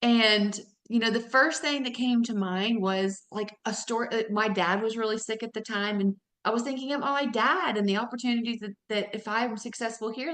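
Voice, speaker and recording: Woman, 30s, team leader; energetic motivational coaching talk, pitch leaps when excited, recorded in an echoey room. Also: fairly quick, few pauses. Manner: energetic, addresses the audience as y'all, pitch jumps up when excited. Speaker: network marketing team leader.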